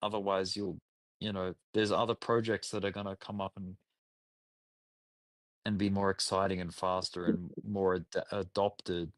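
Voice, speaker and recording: A man chatting casually as a co-host, rambling with lots of "like" and quick agreement. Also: low voice, little pitch movement, dry recording. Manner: rambling, filler-heavy, agreeable. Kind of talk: casual chat.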